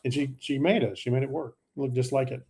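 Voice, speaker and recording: A man's voice: medium pitch, steady tone, quick pace, gravelly, darkish tone. An older man co-hosting a tech podcast, chatting casually and telling a rambling story with easy laughs. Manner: chatty, laughs easily, tells rambling anecdotes. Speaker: podcast co-host.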